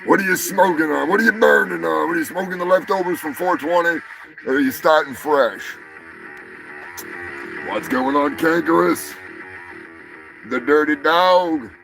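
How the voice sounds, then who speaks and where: A man hosting a comedy news livestream, swearing and ranting with mock anger, swinging between shouts and mutters. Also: on the high side, normal speed, gravelly, pauses often, music in the background, poor audio. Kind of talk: crude ranting livestream banter.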